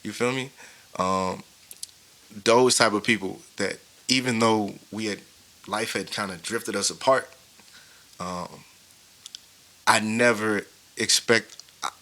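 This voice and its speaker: With a lowish, steady voice that is bright and forceful, a man in his thirties who hosts a podcast shares a painful personal story. He speaks slowly with long pauses, tearful and grieving, in a casual, heartfelt manner with plenty of fillers.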